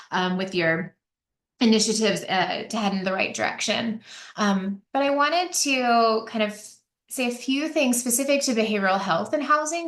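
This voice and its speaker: In an echoey room, a woman with a mid-range, fairly bright voice gives a conversational webinar presentation. She's chatty, with frequent fillers and restarts.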